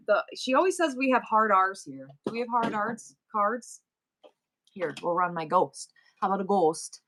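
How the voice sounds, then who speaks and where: Chatting teasingly with viewers on her live sales stream, a middle-aged woman with a New York accent speaks in a fairly low, fairly bright voice.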